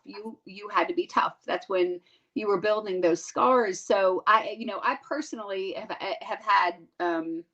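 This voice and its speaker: A woman co-hosts a podcast interview, asking long, rambling questions full of ums and restarts. Her voice sits at a middle pitch, and the sound is dull and a bit lo-fi. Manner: warm rambling questions with many fillers. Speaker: podcast co-host.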